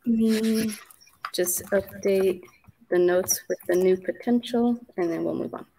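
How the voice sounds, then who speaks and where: A woman making sales calls, calm and matter-of-fact as she works through a list. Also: lowish voice, a little slow, vocal fry, slight background noise, low-quality recording. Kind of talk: casual work chat.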